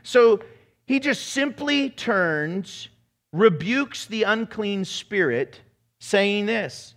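A male pastor delivering a lively sermon with a fairly high voice. He acts out voices and slips into mocking impressions as he preaches. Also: extremely slow.

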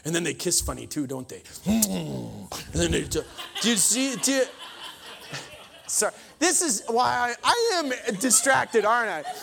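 Animated, joking male preacher. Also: sits high, a little slow, gravelly, a little hiss or hum. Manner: animated and joking, with sudden emphatic exclamations. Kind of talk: sermon.

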